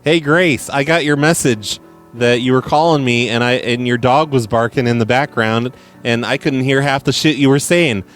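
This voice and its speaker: Guy hosting a podcast, dry sarcastic cussing, faint music under him. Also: mid-range voice. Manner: sarcastic, crude, deadpan. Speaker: podcast host playing voicemails. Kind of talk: casual profane commentary.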